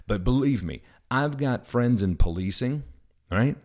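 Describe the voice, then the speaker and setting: A man from the Midwest with a Southern US accent, a podcast host talking through ideas in a casual monologue, animated and full of restarts. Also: medium pitch, a little slow. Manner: animated, thinks aloud with many restarts.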